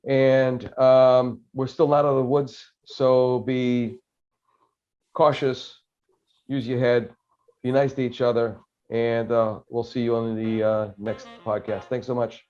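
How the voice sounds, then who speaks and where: A man hosts a podcast interview in casual chat, talking haltingly with many fillers and restarts. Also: mid-range voice, little pitch movement, a little mellow, muffled recording. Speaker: podcast host.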